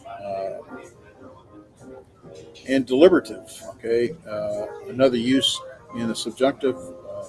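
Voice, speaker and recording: A man's voice: fairly low pitch, a little slow, music in the background, poor audio. Hesitant male Greek grammar teacher. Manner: hesitant, many fillers and self-corrections. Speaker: Greek instructor. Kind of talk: classroom lecture.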